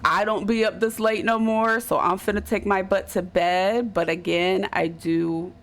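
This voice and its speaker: A woman's voice: medium pitch, steady tone, unhurried, a bit bright. A woman with a South Jersey accent, chatting casually with her audience as a streamer, tired and rambling at the end of a late night. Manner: chatty, rambling and loose, with slang. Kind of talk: casual chat.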